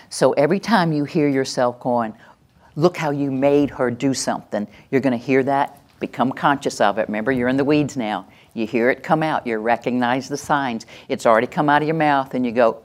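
A woman's voice: a bass voice, normal speed, a little mellow. A woman presenting a workshop to a live audience, acting out example phrases and having the audience repeat them back. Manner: leads call-and-response, acts out example phrases.

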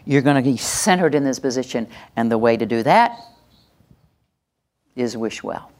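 A woman presenting a live workshop, animated and acting out little scenes as she teaches. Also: rumbling low, moderate pace. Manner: animated, acts out little scenes and laughs along. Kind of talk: live teaching talk to an audience.

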